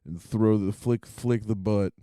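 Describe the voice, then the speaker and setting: A man's voice: fairly low pitch, a little slow, dark tone, clean tone, no room sound, clean studio sound. A man co-hosting a podcast in casual comedic banter. He is laid-back, says "dude" a lot and laughs often. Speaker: podcast co-host.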